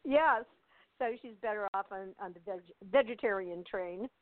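Speaking at a moderate pace in a mid-range voice, an older woman from the U.S. is interviewed over a thin, tinny phone connection. She's chatty and laughs a lot, her winding talk dotted with fillers and restarts, all captured in a dry, close recording.

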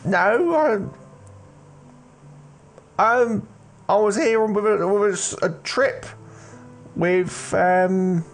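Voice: medium pitch, extremely slow, long pauses, soft background music, voice pushed up. A performer voicing a nervous sixteen-year-old boy who stammers and hesitates while hiding.

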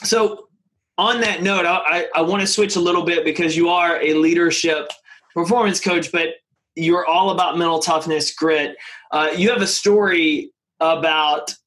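A man's voice: on the high side, fairly even intonation, normal speed, a bit bright. A man hosting an interview show, earnestly laying out ideas and setting up questions for his guest. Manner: earnest, thinks aloud with repeated words. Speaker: podcast host. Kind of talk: casual interview chat.

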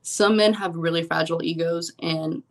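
Young woman guest, casual and frank, says like a lot, voice sits a bit low. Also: fairly even intonation, normal speed. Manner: chatty, frank, many "like" fillers. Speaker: professional poker player, guest. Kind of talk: casual interview chat.

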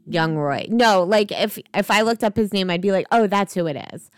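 A young woman co-hosts a casual podcast, rambling happily through movie talk with plenty of ums and the odd curse. Her voice is strikingly smooth and clear. It sounds close and dry, with no room around it. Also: medium pitch, normal speed, dry recording. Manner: chatty, rambling with many fillers and swearing. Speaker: podcast co-host. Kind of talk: casual chat about movies.

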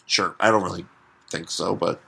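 A man's voice: low-pitched, fairly even intonation, normal speed, creaky, fairly bright tone, slightly rough. A man co-hosting a podcast, chatting casually about comics, rambling with lots of fillers and casual swearing. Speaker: podcast co-host. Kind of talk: casual comic-book chat.

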